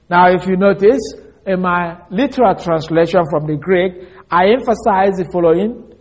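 A man preaching an expository sermon, reading scripture slowly and stressing key words. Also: high-pitched, expressive, breathy edge.

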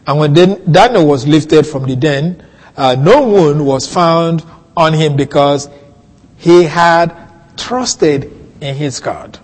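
A man preaching a sermon, teaching slowly through a Bible passage with soft chuckles and questions to his listeners. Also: fairly high pitch, big-room sound.

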